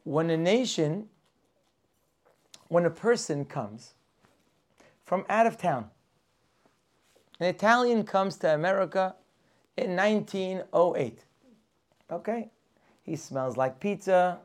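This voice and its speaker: Animated male rabbi, lecture voice, asks questions, acts out characters. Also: high voice, takes it slowly, pauses often. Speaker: rabbi teaching a weekly class. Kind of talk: lively Torah class lecture.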